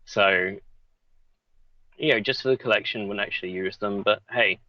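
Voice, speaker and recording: A man's voice: fairly low pitch, no room sound. English man chatting over a muffled mic. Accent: mixed English, Essex and Yorkshire traces. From England. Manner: halting, many restarts, reads chat questions. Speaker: guest. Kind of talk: casual live Q&A chat.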